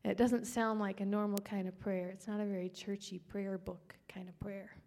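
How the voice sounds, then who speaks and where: A woman gives a personal testimony in an earnest voice with a gravelly edge. She often drops into a hushed whisper. Her voice rings out with the long reverb of a large hall. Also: medium pitch. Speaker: speaker sharing her testimony.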